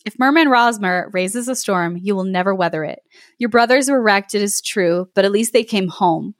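A woman's voice: medium pitch, moderate pace, no room sound, clean studio sound, close to an everyday voice. A woman reading aloud as a stern noblewoman giving a scornful warning.

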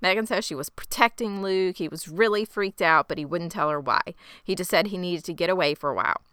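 A woman's voice: on the low side, brisk, fairly bright tone, smooth, no echo, clean studio sound. A woman co-hosting a podcast, recapping a TV episode in casual chat with wry, sarcastic asides. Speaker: podcast co-host.

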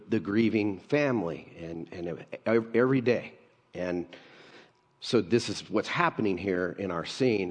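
A middle-aged man delivers a sermon with a somewhat low voice. He tells the story casually and slips in jokes and asides. His voice rings out with the long reverb of a church hall. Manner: conversational, jokey storytelling with laughs and asides. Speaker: pastor.

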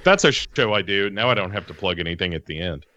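A man's voice: sits low, animated, fast talker, bright, forceful tone, dry recording, highs cut off. A man co-hosting a podcast, talking casually and rambling, laughing easily and swearing now and then. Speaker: podcast co-host. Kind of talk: casual chat.

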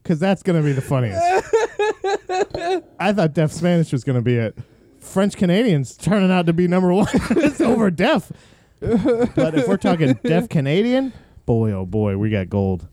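A young man rambles through a casual chat as he reacts to videos, crude and restless. His voice sits a bit high and jumps all over. The sound is dry and close. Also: very animated, moderate pace, dark tone, no room sound. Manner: rambling, crude, full of fillers and restarts.

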